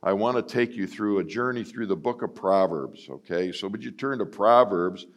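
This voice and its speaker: A middle-aged man with a fairly low voice gives a sermon as personal storytelling. His delivery is casual and self-mocking, full of "you know" fillers. He acts out quoted lines with sharp leaps up in pitch. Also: moderate pace. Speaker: guest preacher.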